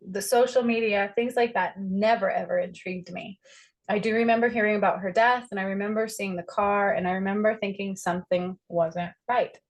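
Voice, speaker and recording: A woman's voice: medium pitch, fairly even intonation, a little fast, rough recording. A woman describing herself as a psychic medium, talking earnestly to camera and often checking in with "okay?". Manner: emphatic, repeats key phrases. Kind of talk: earnest spoken monologue to camera.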